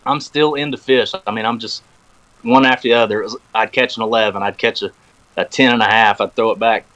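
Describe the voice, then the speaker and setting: A man's voice: lowish voice, brisk, rough recording. Laid-back man telling a long fishing story. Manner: animated storyteller, acts out quoted phone talk. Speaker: podcast guest. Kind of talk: casual storytelling chat. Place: podcast recording room.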